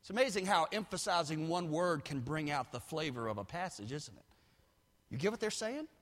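A man's voice: on the high side, expressive, fairly quick, a bit bright. A middle-aged man preaching a sermon as pastor, emphatic and punchy, with joking asides. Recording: echoey hall.

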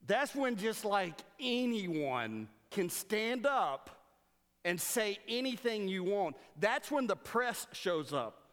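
A man preaching a sermon, telling stories with playful sarcasm and then turning earnest and quiet. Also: sits high, slow pace. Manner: animated storytelling with playful sarcasm. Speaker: pastor. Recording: long hall reverb.

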